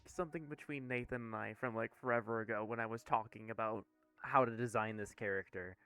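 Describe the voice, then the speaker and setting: A man's voice: lowish voice, steady tone, fairly quick, pushed and bright, clean tone, soft background music. A man running a tabletop game, narrating in a rambling, casual way and laughing at himself. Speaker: game master.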